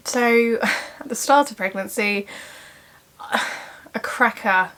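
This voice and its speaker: A young woman talking through her day in a casual personal vlog, emotional and tearful, speaking softly with frequent pauses. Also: on the high side. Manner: emotional, teary, soft-spoken. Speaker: vlogger.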